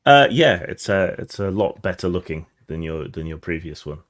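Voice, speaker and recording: A man narrating as game master of a tabletop game, relaxed and descriptive with many fillers. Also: sits low, normal speed.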